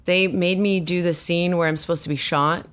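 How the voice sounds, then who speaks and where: A woman's voice: on the low side, steady tone, fairly bright tone, clean tone. Give me a woman from South Africa, Afrikaans first language, with a faint South African accent, chatting candidly as an interview guest. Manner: chatty and candid, quick to laugh and tease. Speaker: podcast guest, actress. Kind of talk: casual interview chat.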